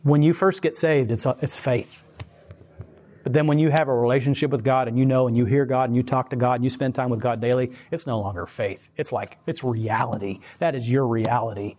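A man giving a casual, rambling faith talk, animated, laughing often and putting on voices for quoted people. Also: mid-range voice, brisk. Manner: rambling, many fillers and restarts. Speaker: Christian speaker.

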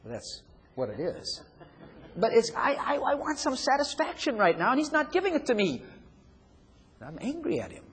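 Animated preacher man in an echoing hall. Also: extremely high pitch, normal speed, long pauses, slightly rough. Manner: acts out inner voices, chuckling often. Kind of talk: sermon. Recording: long hall reverb, faint room noise.

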